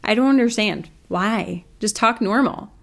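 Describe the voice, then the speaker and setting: A woman's voice: medium pitch, unhurried, creaky. A woman hosting a reaction video, giving skeptical, conversational commentary and explaining the numbers. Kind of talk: casual commentary.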